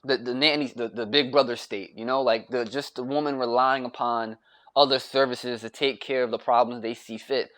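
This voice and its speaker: A man's voice: mid-range voice, fairly even intonation, moderate pace, fairly bright tone. Rambling, profane young man ranting. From United States. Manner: rambling and repetitive, profane, restarts often. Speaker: vlogger. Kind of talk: grumpy rant to camera.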